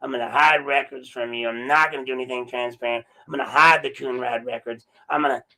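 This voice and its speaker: A man's voice: mid-range voice, steady tone, fast, pushed and bright, poor audio. A man voicing a smug, corrupt male sheriff in a profane parody of a campaign speech.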